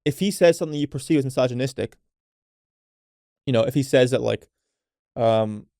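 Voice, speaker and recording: A man hosts a solo podcast in a mellow, relaxed voice at an ordinary pitch, recorded dry and close. He talks in a loose, unfiltered way, swears casually and keeps checking in with "right?" as he coaches his listeners. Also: a little fast, no room sound. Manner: unfiltered, swears freely, frequent "right?" tags; coaching tone addressed to women listeners. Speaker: podcast host.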